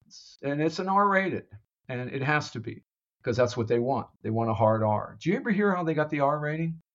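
A man pitching his own screenplay in casual chat, animated and laughing often as he acts out the dialogue. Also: brisk, dull audio.

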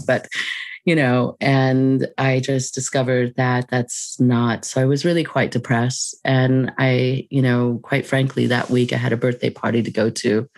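Gravelly-voiced woman telling her story. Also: very deep voice, dry recording. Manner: unhurried, thoughtful, laughs lightly between thoughts. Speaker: podcast guest, mindfulness teacher. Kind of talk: reflective personal storytelling.

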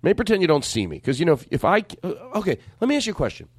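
A man's voice: fairly high pitch, big pitch swings, very fast, a little mellow, husky. A man hosting a casual comedy chat, rambling and self-deprecating, tripping over his own words.

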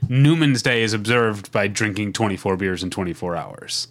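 A man's voice: lowish voice, moderate pace. A man in his forties with a Midwestern accent, co-hosting a casual podcast and rambling with frequent restarts. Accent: Midwestern American. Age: 40s. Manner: rambling, self-interrupting, laughs easily. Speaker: podcast co-host.

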